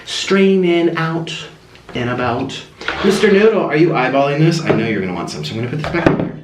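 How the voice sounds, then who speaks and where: A man's voice: mid-range voice, big pitch swings, racing, reverberant, background noise. A man casually talking through a recipe as a home cooking vlogger, chatty and given to dramatic exclamations. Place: home kitchen.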